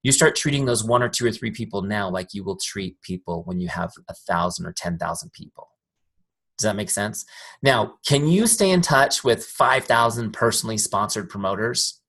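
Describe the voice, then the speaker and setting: A man's voice: on the low side, animated, normal speed, a bit bright. A man giving a casual live training over a video call, telling stories and often checking that his listeners follow. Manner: chatty, storytelling, asks "make sense?" often. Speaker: software founder teaching a training.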